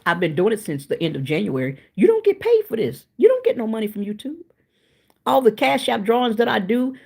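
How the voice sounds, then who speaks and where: A woman with a low, deep-set voice talks casually and frankly to her viewers, calling them y'all. She sounds tired and a little winded as she hosts her cooking stream. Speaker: cooking channel livestream host.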